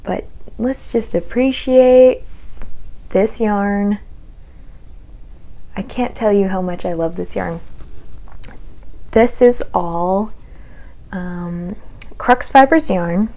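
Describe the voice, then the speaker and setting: A young adult woman hosting a podcast, chatting casually about her knitting projects and sometimes slipping into a soft whisper. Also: medium pitch, drawn-out words, long pauses. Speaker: podcast host.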